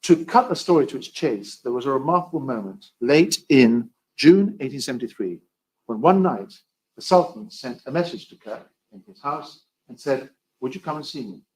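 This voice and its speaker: A man giving a storytelling history lecture, with dry, wry asides that swing between loud emphasis and quiet remarks. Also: medium pitch, expressive, moderate pace, low-quality recording.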